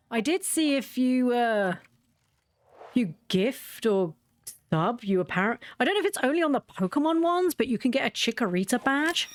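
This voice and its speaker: A woman streamer chatting casually during a livestream, rambling through anecdotes. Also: fairly high pitch.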